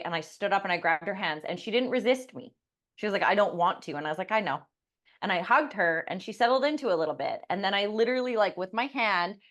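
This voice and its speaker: Woman co-host and coach, lively storyteller, mid pitch, plays out the people she quotes. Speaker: podcast co-host and life coach. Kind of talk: casual podcast chat.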